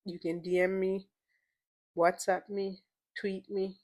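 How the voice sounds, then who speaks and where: A woman's voice: mid-range voice, flat delivery, slow, a little mellow. A young adult woman hosting her own podcast, chatty, playful and a little emotional, repeating words for emphasis. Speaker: podcast host. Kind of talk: casual solo podcast monologue.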